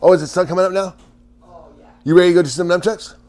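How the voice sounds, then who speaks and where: A man's voice: high voice, fast talker, darkish tone. Rambling, stammering male livestream host. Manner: rambling, stammers and restarts, laughs often. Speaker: livestream host chatting with viewers. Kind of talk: casual livestream chat.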